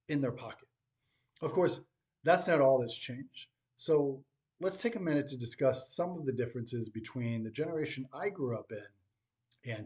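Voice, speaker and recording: Dry, wry man with measured pauses. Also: mid-range voice, a little mellow. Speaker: teacher. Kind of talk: scripted commentary to camera.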